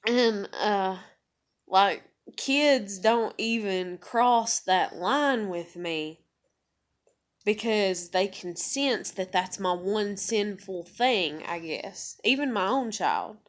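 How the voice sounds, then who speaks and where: An adult parent, a woman with a mid-range, expressive voice, slowly tells a personal story straight to camera. She's candid, blunt and profane, rambling with many fillers and acting out quoted back-and-forth exchanges.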